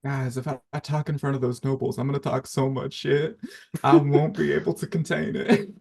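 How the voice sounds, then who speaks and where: A man's voice: medium pitch, level tone, normal speed, creaky, darkish tone, slightly rough. A man playing a tabletop game with friends, joking in a laid-back way. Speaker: player.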